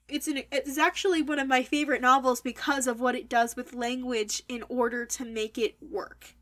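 A woman's voice: high-pitched, fairly bright tone. A young woman giving an opinionated, wordy critical review of a novel. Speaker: book reviewer. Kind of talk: critical book review monologue.

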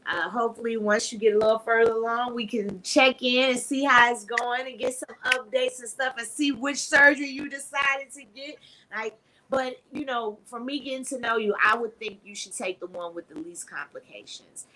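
A woman hosting a casual live podcast, talking frankly and preachily, her voice swinging between loud and soft. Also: a little high, fairly even intonation, normal speed, low-quality recording. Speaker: podcast host.

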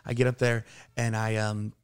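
A man's voice: fairly low pitch, little pitch movement, moderate pace, clean tone. A man in his thirties telling a long, rambling, profane story on a casual podcast, laughing along as he goes. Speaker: podcast co-host.

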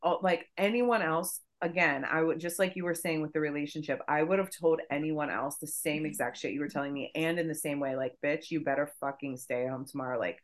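A woman co-hosting a podcast, telling a story in casual chat, profane and animated. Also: sits low, fairly quick, hardly any pauses. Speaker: podcast co-host.

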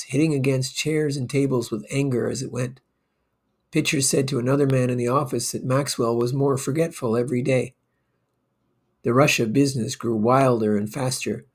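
A man reading a story aloud in a slow, measured way. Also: medium pitch, husky. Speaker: narrator.

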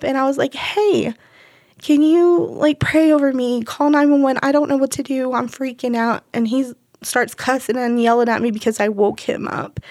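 A woman's voice: on the high side, gravelly, no echo, studio quality. A young woman from Texas, telling her personal testimony in a rambling way and acting out the dialogue. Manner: rambling storytelling that acts out quoted dialogue. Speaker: guest sharing a testimony.

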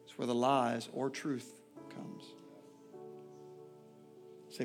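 A male pastor preaching a sermon, swinging from loud, impassioned declarations to quiet, intimate asides. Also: mid-range voice, flat delivery, extremely slow, faint music behind.

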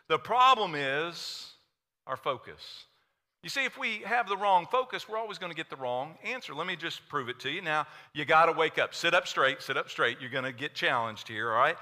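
A man with an Oklahoma accent preaching a sermon to a church congregation, energetic and playful, quizzing the crowd. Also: fairly high pitch, normal speed. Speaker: pastor. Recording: long hall reverb.

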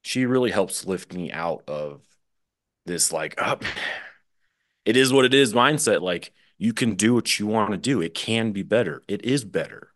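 A young man from the American Midwest talks casually as a podcast guest. His voice sits very low, and he rambles in a loose, easygoing way, laughing readily. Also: normal speed. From Midwest USA. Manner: relaxed, rambling, laughs easily. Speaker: drummer guest.

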